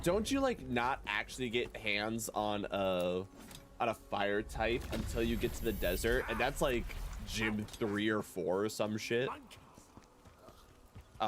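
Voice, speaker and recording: Chatting with his audience as he plays, this game streamer keeps things animated and full of jokes. His voice is lowish, and the recording has a slight hiss or hum.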